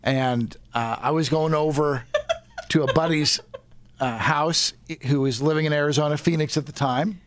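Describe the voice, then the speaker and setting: A man's voice: a little high, steady tone, normal speed. A middle-aged man, a radio host, telling a joking story in casual podcast chat.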